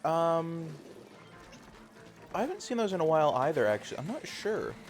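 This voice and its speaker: Chatty Canadian man with a lively voice. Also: on the high side, moderate pace, faint music behind. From rural Canada. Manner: rambling, chatty, many fillers. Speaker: streamer host. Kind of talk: casual chat while gaming.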